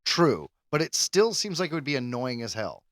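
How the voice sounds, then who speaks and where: A man co-hosting a podcast in casual chat, animated and rambling, with crude jokes. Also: mid-range voice, moderate pace, dry recording. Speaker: podcast co-host.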